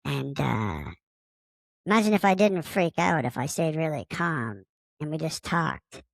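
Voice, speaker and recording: A man's voice: fairly high pitch, very animated, a little slow, creaky, dry recording, heavily acted. A man playing a friendly, immature male space alien who has taken over a podcaster's body, talking in a rambling, casual way and fond of swearing. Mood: chatty. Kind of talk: casual improvised monologue.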